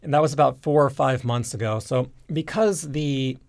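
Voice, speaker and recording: A man's voice: mid-range voice, moderate pace, vocal fry. A man who teaches a language online, explaining things casually to camera with many fillers and restarts, and a stuffed-up nose from hay fever. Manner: relaxed, rambling, frequent fillers and restarts.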